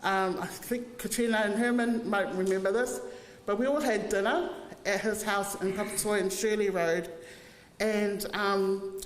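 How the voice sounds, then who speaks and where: A woman, giving a funeral eulogy as a family member and telling fond, humorous stories. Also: medium pitch. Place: church hall. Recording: echoey church hall, faint noise.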